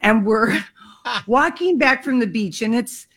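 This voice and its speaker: A woman co-hosting a radio show in casual chat, telling stories in a relaxed way with easy laughs. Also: fairly high pitch, measured pace. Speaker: radio co-host.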